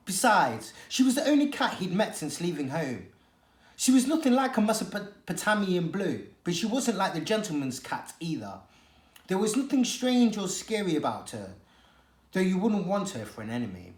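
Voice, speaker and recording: A teacher reads a children's novel aloud with an expressive, dramatic storytelling manner. The pitch rises and falls a lot, the voice sits in a middle register, and the room has a noticeable echo. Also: normal speed. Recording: echoey room.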